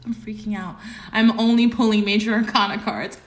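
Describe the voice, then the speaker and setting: A woman giving a casual tarot reading to camera, who swings from low murmuring to squealing excitement and swearing. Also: normal speed. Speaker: tarot reader. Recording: roomy echo, faint background noise.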